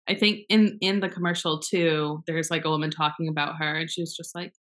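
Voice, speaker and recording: Frank, bright-voiced young woman chatting. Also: sits low, steady tone, brisk. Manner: frank, swears freely, rambling. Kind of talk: casual chat.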